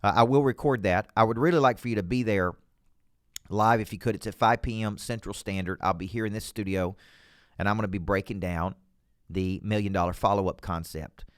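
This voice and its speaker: A man with a Southern US accent, a business coach hosting a motivational show from a studio, talking in a folksy, punchy, energetic way. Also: on the low side, fairly quick, clean tone, dry recording. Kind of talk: motivational talk to camera.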